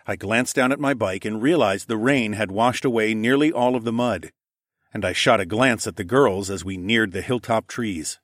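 A man reads a first-person audiobook in a steady, even storytelling manner. His voice sits on the low side, recorded close and completely dry. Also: normal speed, no echo. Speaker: narrator.

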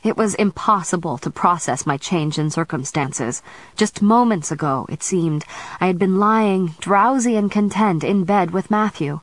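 A woman narrating a novel in the first person as an audiobook reader, in a steady, measured storytelling manner. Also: on the low side, dry recording, poor audio.

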